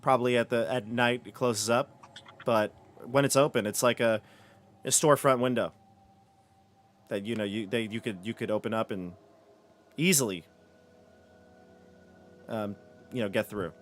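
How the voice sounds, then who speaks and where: A man's voice: mid-range voice, moderate pace, long pauses. A man running a tabletop game as dungeon master, describing rooms and reading descriptions aloud.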